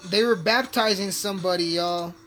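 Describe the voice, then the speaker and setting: A man with a slightly high voice tells a long, rambling story, swearing constantly and circling back on himself. He chats casually while playing a video game. Clear background music runs underneath. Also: moderate pace, sharp tone. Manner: profane, rambling, repetitive. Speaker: hotel worker telling a story.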